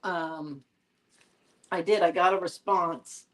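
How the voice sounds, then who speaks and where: A woman co-hosting a casual live podcast chat, gently teasing and giving advice. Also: lowish voice, steady tone, takes it slowly, poor audio. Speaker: podcast co-host.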